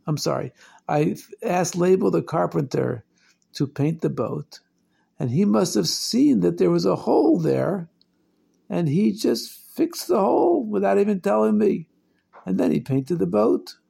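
A man's voice: sits high, lively intonation, measured pace, creaky, warm tone, husky, heavily acted. A man voicing a frantic, worried father who exclaims in alarm and relief. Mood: relieved, excited. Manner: anxious, exclaiming.

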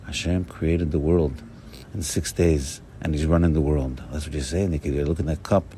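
A man giving a fervent Sabbath morning sermon as a rabbi, repeating short phrases and swinging between loud bursts and soft low asides. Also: steady tone, normal speed, a little hiss or hum.

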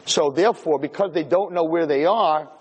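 A man's voice: a little high, moderate pace, husky, long reverb tail. A man giving a humorous lecture to an audience, telling stories and acting out the scenes. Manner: animated storyteller, acts out scenes. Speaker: lecturer giving Torah classes.

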